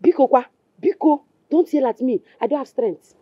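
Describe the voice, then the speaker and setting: An actress playing a scornful, jealous wife with a Nigerian accent, mocking and dismissive. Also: female voice, sits high, normal speed, dry recording, highs cut off. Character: scornful jealous wife, sharp-tongued, suspicious. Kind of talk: Nollywood film acting.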